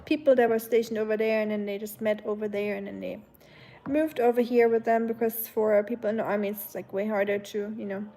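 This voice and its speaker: A woman's voice: mid-range voice, fairly even intonation, fairly quick, mellow. A young German woman with a German accent, chatting casually with viewers on her livestream, hesitant with many ums. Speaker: livestream host. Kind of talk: casual chat reading viewer comments.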